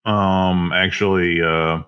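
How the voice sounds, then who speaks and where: A man playing a tabletop game, hesitant and filling his pauses as he decides his moves. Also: low voice, fairly even intonation, smooth, lo-fi sound. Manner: hesitant, lots of fillers. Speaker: player.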